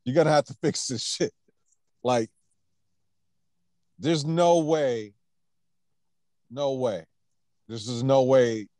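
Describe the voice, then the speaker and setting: A man's voice: medium pitch, slow, pauses often, warm tone, dry recording. A man co-hosting a podcast, talking bluntly and profanely with jokes. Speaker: podcast co-host. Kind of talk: casual chat.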